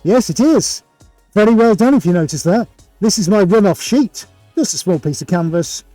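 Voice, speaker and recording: A man's voice: high voice, animated, normal speed, warm tone, no echo, faint music behind. A middle-aged man hosting a live painting stream, chatty, jokey and full of showman energy, in his art studio. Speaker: art livestream host. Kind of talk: upbeat live presenting. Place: home art studio with several cameras.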